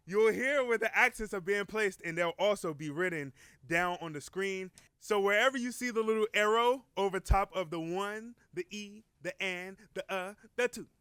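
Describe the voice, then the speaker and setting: A man talks through a drum lesson in an easygoing, encouraging way, counting beats out loud. His voice is bright and crisp, sitting a little high. The sound is close and dry, with no room around it. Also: normal speed, no room sound. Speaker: drum teacher. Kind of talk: casual instructional talk.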